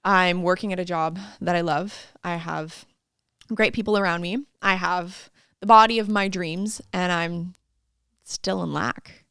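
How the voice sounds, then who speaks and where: A woman guest and fitness coach chatting in an interview, a lively storyteller who laughs often and acts out what people said. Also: lowish voice, a little slow, smooth, no echo, studio quality. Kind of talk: casual interview chat.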